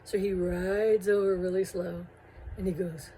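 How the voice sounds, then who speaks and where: A woman telling a personal story in a casual, animated way, with amused laughing asides. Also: lowish voice, a little slow, a little hiss or hum, poor audio.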